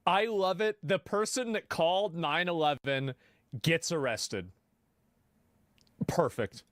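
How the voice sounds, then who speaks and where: A man streaming live, reacting to videos with animated, exasperated asides. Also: on the high side, slow, no room sound, clean studio sound.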